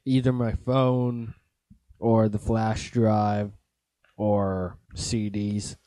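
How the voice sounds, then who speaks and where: A man's voice: on the low side, little pitch movement, extremely slow, mellow, no room sound. A man co-hosting a podcast, laid-back, mostly giving brief replies in casual chat. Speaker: podcast co-host. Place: home basement.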